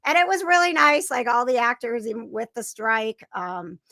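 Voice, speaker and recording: A woman's voice: on the high side, sing-song, normal speed, creaky, sharp tone, dry recording, clean studio sound. A woman co-hosting a podcast in casual chat, chatty and giggly with lots of fillers, sounding tired. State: tired from lack of sleep. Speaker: podcast co-host.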